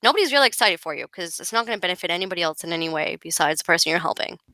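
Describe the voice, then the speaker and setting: A woman talking casually as a podcast guest, telling stories in an animated, chatty way. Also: lowish voice, racing, no room sound, low-quality recording. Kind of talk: casual conversation.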